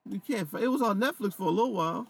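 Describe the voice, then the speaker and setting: A man's voice: sits high, rapid-fire, gravelly, breathy edge. A man chatting casually on a podcast, swearing freely and often laughing. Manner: animated, profane, laughs often. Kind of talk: casual chat.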